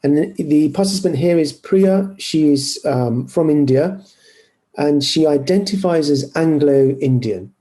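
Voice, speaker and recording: Mellow-voiced man giving an online lecture. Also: on the high side, unhurried. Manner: hesitant, apologetic, many fillers and restarts. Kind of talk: online lecture with screen sharing.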